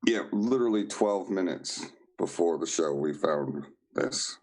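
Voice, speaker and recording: A man speaks haltingly on a live online show, full of ums and restarts. His voice is deep. His pace is unhurried. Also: expressive, darkish tone, rough recording. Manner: halting, with many fillers. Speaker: guest. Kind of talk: casual live-stream chat.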